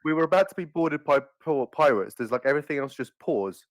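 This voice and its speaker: A man, a player in a tabletop game, who speaks quickly and defends himself with jokes. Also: a little high, expressive, dry recording. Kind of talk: playing a tabletop game in character.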